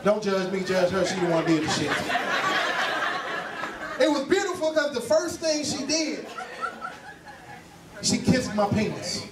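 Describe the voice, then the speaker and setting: A man's voice: high-pitched, expressive, measured pace, pauses often. Man doing crude stand-up in an echoey club. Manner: crude storytelling, quizzing the crowd. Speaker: stand-up comedian. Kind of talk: stand-up set. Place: live comedy lounge. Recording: echoey club from far mic with crowd noise.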